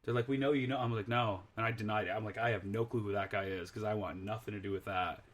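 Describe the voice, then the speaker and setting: A man's voice: on the low side, fairly even intonation, fast talker. A young man, a podcast guest, in a casual chat telling a rambling story that he keeps correcting and laughing through.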